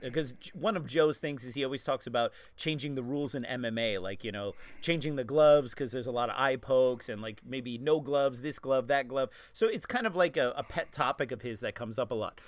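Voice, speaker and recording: A man's voice: medium pitch, brisk, hardly any pauses. Male podcast co-host, mid-range voice, casual storyteller. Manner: storytelling, laughs easily. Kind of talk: casual martial arts chat.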